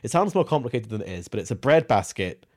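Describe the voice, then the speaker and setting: A man's voice: lowish voice, fast. Easygoing man asking questions. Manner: relaxed, joking, asks questions. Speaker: podcast co-host. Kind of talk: casual chat.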